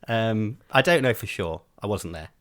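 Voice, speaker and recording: A man's voice: on the low side, animated, moderate pace, no room sound, studio quality. A man co-hosting a podcast, chatting casually and hesitantly with many ums. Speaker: podcast co-host. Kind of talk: casual chat.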